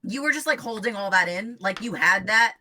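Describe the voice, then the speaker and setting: Argumentative bright-voiced woman player. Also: medium pitch, animated, slight background noise. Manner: argumentative, quick to laugh. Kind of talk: casual tabletop game chat.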